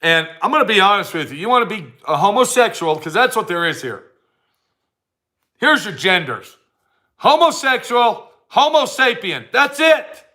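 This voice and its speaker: A man's voice: high-pitched, very animated, normal speed, bright, forceful tone. A man delivering a heated, blunt ranting monologue to camera, repeating his points for emphasis. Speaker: vlogger.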